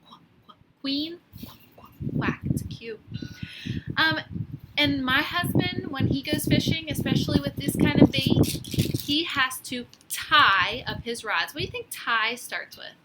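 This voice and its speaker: A woman teacher giving a phonics lesson to young children, slowly sounding out letters with encouragement, outdoors on a deck. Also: high voice. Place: outdoors on a deck by a lake, rain starting. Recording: loud outdoor noise.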